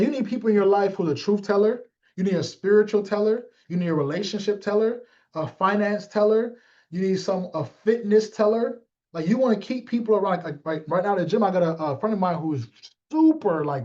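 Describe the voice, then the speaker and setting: A man with a high voice coaches his sales team in a loose motivational talk. He is blunt and jokey, calls out listeners by name and plays out quick back-and-forths. The recording sounds dull and lo-fi. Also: dark tone.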